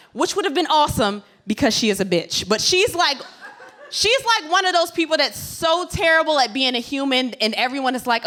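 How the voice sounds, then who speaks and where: A woman from Virginia Beach doing stand-up, with a bright, forceful voice pitched a little high. She is sassy and brash and keeps jabbing her punchlines home with quick asides. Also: animated. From Virginia Beach, USA. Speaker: stand-up comedian. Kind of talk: stand-up comedy set.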